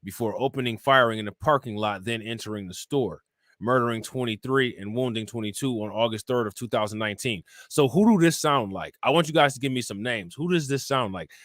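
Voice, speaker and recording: A man in the middle pitch range hosts a casual live-stream show on a close, dry mic. He reads reports and viewer comments aloud, then turns to the audience with loose, conversational questions and asides. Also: brisk, a bit bright, dry recording. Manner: loose and conversational, keeps asking "you know what I'm saying?".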